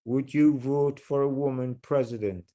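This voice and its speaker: A man's voice: mid-range voice, fairly even intonation, normal speed, dark tone. A man with a broad Geordie accent chatting casually on a livestream, blunt and sweary, rambling with fillers and restarts. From North East England.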